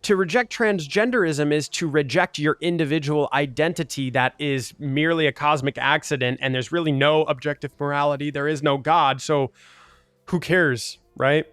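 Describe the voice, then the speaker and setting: A man's voice: a little high, normal speed, fairly bright tone, smooth, no room sound. A man talking earnestly and argumentatively in casual commentary over gameplay, with lots of "like" fillers. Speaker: gaming video creator.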